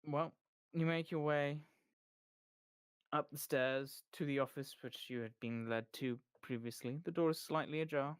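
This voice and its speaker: A calm game master narrates a tabletop game with a dry, wry touch. The voice sits at a middling pitch. It is recorded close and dry, with no room around it. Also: normal speed, clear, resonant tone, dry recording.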